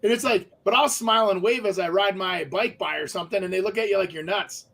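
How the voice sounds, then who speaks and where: A man's voice: high-pitched, fast, gravelly, a bit bright. A man co-hosting a radio show, chatting casually with lots of fillers and restarts. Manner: talkative, many fillers and restarts.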